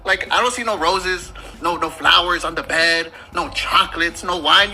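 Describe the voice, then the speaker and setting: A man doing stand-up storytelling, animated and laughing as he mock-pleads through his bit. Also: on the high side, normal speed, few pauses. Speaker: comedian.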